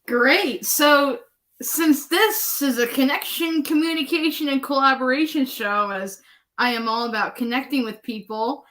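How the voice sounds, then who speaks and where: A woman's voice: sits high, a little slow, fairly bright tone. A woman hosting an interview show over a video call, framing her questions with long examples. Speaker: podcast host.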